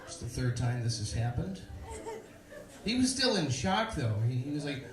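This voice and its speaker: A young man performing a stand-up comedy set on a club stage, delivering deadpan stories with punchlines. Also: mid-range voice, normal speed, a crowd in the background. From Chicago, USA. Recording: echoey live club room.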